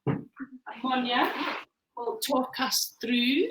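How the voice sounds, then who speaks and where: A woman's voice: high-pitched, extremely slow, far from the mic, heavy background noise. A woman presenting a live shop chat from home, explaining things with many ums and small hesitations. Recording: echoey room, away from the mic.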